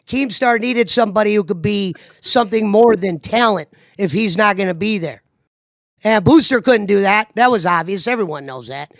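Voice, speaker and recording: A man co-host giving confident commentary, explaining his view in quick bursts. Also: high-pitched, fairly bright tone, dry recording. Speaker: podcast co-host. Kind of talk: casual commentary.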